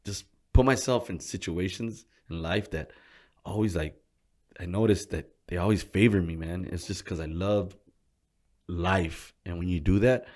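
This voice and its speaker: A man, a gym co-owner, telling his story in a casual interview, swearing freely and speaking in animated slang. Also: sits low, husky.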